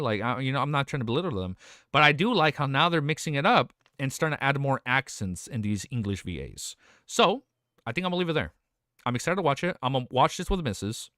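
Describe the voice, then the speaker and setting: Young dude streamer chatting with his viewers, swears a lot, bright voice, super dry close mic. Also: medium pitch, no room sound. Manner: rambling, swearing, reads chat aloud. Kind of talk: casual live-stream chat.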